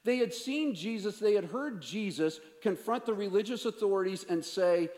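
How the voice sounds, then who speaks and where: A male pastor preaching with a fairly high voice, dropping to near-whispers and then rising to forceful emphasis. He jokes easily with the people he calls up front. His words ring out with the long reverb of a large church hall. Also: expressive, moderate pace, hardly any pauses. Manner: dramatic, swings from hushed asides to raised emphasis; playful banter with volunteers. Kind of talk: sermon.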